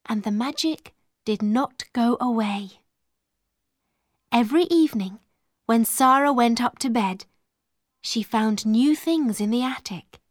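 A woman reading a children's storybook aloud in a clear, measured way. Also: a little high, no room sound, studio quality. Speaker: narrator.

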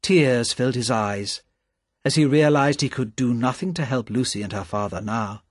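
A man giving a slow, deliberate, expressive storybook narration. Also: medium pitch, dry recording, clean studio sound.

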